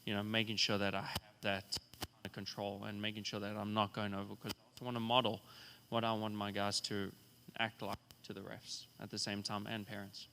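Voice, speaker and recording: A man's voice: on the low side, monotone, brisk, vocal fry, pushed and bright. A man speaking as a college tennis coach on a recruiting panel, candid and rambling, often quoting what he tells people. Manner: candid, rambling, quotes himself. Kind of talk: panel discussion. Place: event hall.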